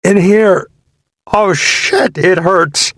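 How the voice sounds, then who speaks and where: A man voicing a wounded young Marine's high pleading cries. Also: very slow, a bit bright, dry recording, studio quality, full character voice. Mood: pained pleading. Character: young male Marine wounded and screaming in pain.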